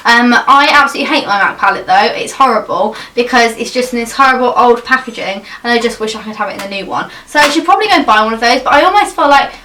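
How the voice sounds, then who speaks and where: A woman's voice: on the high side, lively intonation, fast, hardly any pauses, bright, forceful tone, recorded from a distance, a little hiss or hum. A young woman chatting casually to camera about her favourite products, gushing and full of fillers. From England. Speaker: beauty vlogger.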